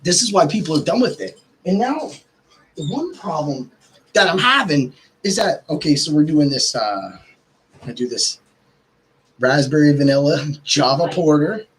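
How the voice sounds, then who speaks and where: A man hosting a podcast, ranting casually and swearing, his pitch jumping up when he gets worked up. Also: big pitch swings, normal speed, a little hiss or hum, rough recording. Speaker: podcast host.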